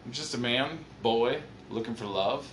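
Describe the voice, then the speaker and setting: A man's voice: medium pitch, moderate pace, reverberant, noisy background. A man co-hosting a casual comedy podcast, telling rambling, self-deprecating stories. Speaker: podcast co-host.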